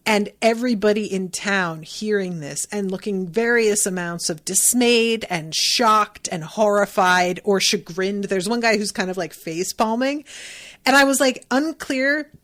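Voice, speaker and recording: A woman hosting a podcast, recapping an episode in a chatty, animated way and swearing playfully. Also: mid-range voice, a little slow. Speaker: podcast host.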